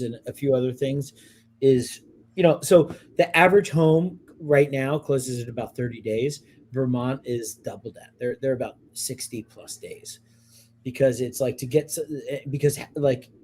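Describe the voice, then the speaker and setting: A man's voice: medium pitch, a little mellow, slight background noise. A man co-hosting a casual podcast from a hotel room, talking in a rambling, profane way with many stammered restarts. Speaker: podcast co-host. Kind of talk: casual chat.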